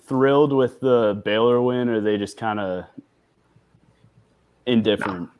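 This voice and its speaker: A man's voice: lowish voice, a little slow, darkish tone, smooth. A man hosting casual comedic banter, steering the chat with questions.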